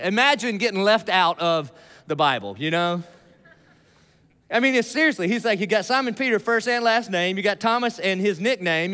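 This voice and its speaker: A pastor with a high voice preaches a sermon in a big church auditorium, where a long hall echo trails his words. He is chatty and lively, animated and conversational, tossing asides to the congregation.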